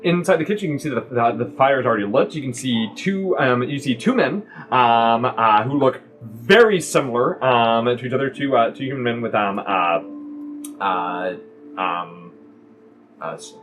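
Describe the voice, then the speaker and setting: A man's voice: medium pitch, normal speed, soft background music. A man narrating as game master for a tabletop game, with frequent fillers and restarts. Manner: many fillers and restarts, animated.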